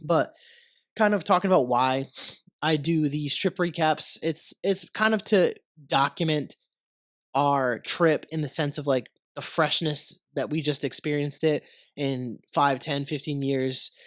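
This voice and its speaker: A man's voice: a little high, a little slow, dry recording. Man, american podcast host, congested from a cold, rambling casual talk, dry close sound. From United States. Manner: rambling, relaxed, swears casually.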